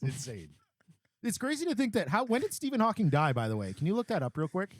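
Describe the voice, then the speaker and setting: A man co-hosting a podcast, tossing out jokes and playful asides. His slightly high voice is lively and bouncy, recorded close and dry in a studio. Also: fast talker, no room sound. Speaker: podcast co-host. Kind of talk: casual chat.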